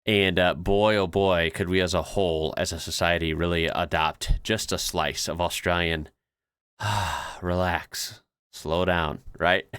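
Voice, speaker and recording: A man's voice: low-pitched, little pitch movement, unhurried, fairly bright tone, clear, resonant tone, no echo, studio quality. An American man hosting a reaction video, chatting in a laid-back way and laughing often. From United States. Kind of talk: casual reaction commentary.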